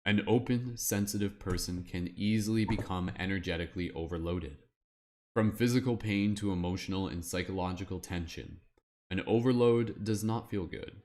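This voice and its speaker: A man putting on a wizard voice, reading aloud from a guidebook in a slow, measured, solemn way. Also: low voice, darkish tone.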